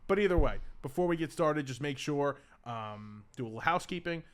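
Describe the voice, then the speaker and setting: Brief: male podcast host, slightly high voice, teasing, quick to interrupt. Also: lively intonation. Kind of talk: casual chat. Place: studio.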